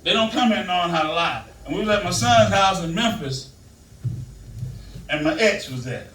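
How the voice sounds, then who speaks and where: An older man telling stand-up stories with a high-pitched, loose, rambling delivery. His voice carries through a roomy, echoing space. The mic sits some distance from him. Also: expressive, normal speed, a bit bright. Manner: loose, storytelling, Southern-flavored delivery. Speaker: stand-up comedian. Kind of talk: stand-up comedy set. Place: comedy stage before a live audience. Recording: echoey room, mic heard from a distance.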